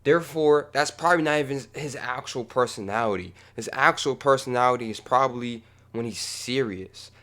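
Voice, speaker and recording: A young man running a music channel, talking casually in a rambling, profane way that moves from low mumbling to heated ranting. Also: normal speed, few pauses, a bit bright. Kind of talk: casual reaction vlog.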